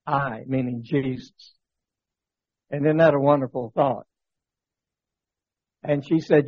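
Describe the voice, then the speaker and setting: Husky-voiced man teaching Bible class. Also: medium pitch, steady tone, takes it slowly, pauses often, no room sound, dull audio. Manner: conversational, many fillers and rhetorical questions. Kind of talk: informal church lesson with storytelling. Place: church classroom.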